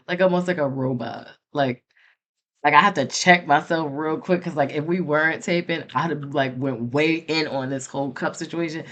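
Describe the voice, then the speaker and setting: A young woman co-hosts a podcast in a somewhat low voice, expressive and quick to needle her partner. Her talk stays casual and animated with mock annoyance. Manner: expressive, playfully exasperated. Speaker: podcast co-host. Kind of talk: casual chat.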